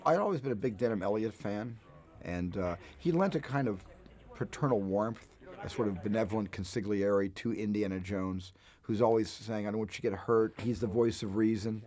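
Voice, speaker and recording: A man's voice: on the low side, moderate pace. Man reminiscing as a film director. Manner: relaxed anecdotal storytelling. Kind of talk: reminiscing interview.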